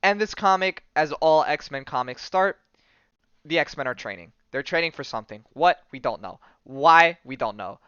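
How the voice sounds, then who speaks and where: Male podcast host, animated storyteller, smooth voice, dry, slightly dull sound. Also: on the high side, moderate pace, no echo. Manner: animated, jokey storyteller with many fillers. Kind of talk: casual chat retelling a comic.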